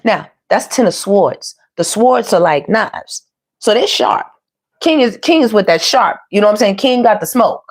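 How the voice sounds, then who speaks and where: Woman tarot reader, chatty and slangy, middle pitch, talks straight to viewers. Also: moderate pace. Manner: chatty, animated, slangy, addresses viewers as y'all. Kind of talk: casual tarot reading monologue.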